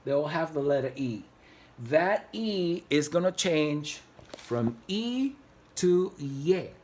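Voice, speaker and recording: A man walks through a grammar lesson at the whiteboard, patient and unhurried. His voice sits slightly high, and he goes over each point more than once, counting syllables aloud one by one. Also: sing-song, a little mellow, a little hiss or hum. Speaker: Spanish teacher. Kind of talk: classroom-style video lesson at a whiteboard.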